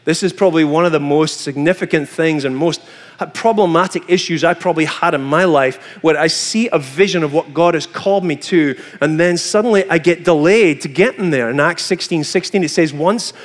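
A man with a high, light voice preaches a lively sermon, slipping into acted-out voices for the people he quotes. His words ring out through a hall with a long reverb trailing behind them. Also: brisk. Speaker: pastor.

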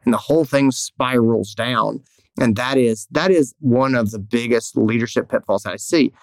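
A man's voice: medium pitch, normal speed, creaky, no echo. A male veterinarian hosting a podcast, talking candidly in a rambling, storytelling way. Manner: candid, rambling, lively storytelling with acted quotes. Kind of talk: casual podcast chat.

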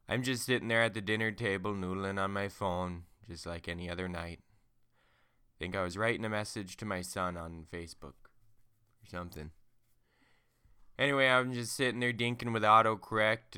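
Folksy man, bright tone. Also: low-pitched, clear, resonant tone, no room sound, studio quality. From Minnesota. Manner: rambling, folksy, many fillers. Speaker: podcast host and storyteller. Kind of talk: folksy spoken storytelling.

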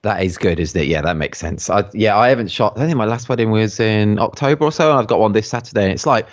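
A man's voice: on the low side, quick pace, few pauses. A man hosting a podcast, chatting casually and enthusiastically with his guest. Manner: enthusiastic, effusive. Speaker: podcast host. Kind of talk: casual interview chat.

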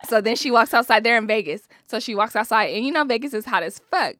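Woman spilling tea about a reality show, aave, bright tense voice, swears a lot. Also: mid-range voice, a little fast, no echo, studio quality. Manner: animated storyteller, acts out quotes, swears freely. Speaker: podcast co-host. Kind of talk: casual chat, retelling a reality show.

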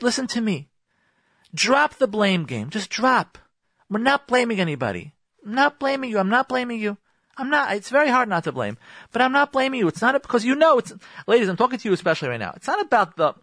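A man's voice: sits high, fairly bright tone, dry recording. A man hosting a radio advice show, talking emphatically and repeating his points to listeners, with Hebrew religious terms mixed into his speech. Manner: emphatic, repetitive, addresses listeners directly. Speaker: radio host giving marriage advice.

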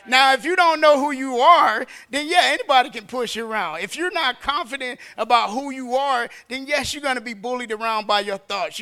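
A man's voice: very high voice, sharp tone. A man preaching a sermon in an emphatic, conversational way. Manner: emphatic and conversational, acting out quick dialogue.

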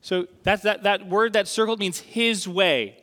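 A man's voice: sits high, steady tone, measured pace, pushed and bright. A man preaching a sermon to a room of people, talking in a loose, conversational way and checking in with them often. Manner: conversational, checks in with the audience with frequent "okay?". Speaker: pastor. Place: church hall with an audience. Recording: reverberant hall.

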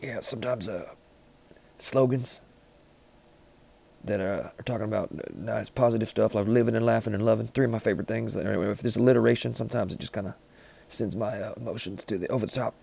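Gravelly deadpan man riffing. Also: on the low side, quick pace. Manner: deadpan, rambling riffs with frequent restarts. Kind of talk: rambling comedic banter.

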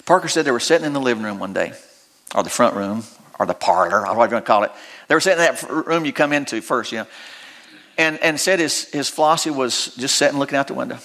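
A man preaching a sermon as pastor, with big swells of emotion and soft, tender storytelling that comes close to tears. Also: lively intonation, fast talker. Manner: preaching with big rises in pitch, then dropping soft and low for a story.

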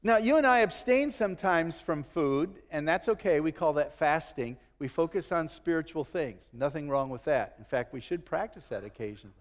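A middle-aged man preaching a sermon, animated, acting out quotes and chuckling now and then. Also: a little high, normal speed, hardly any pauses, long reverb tail. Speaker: pastor.

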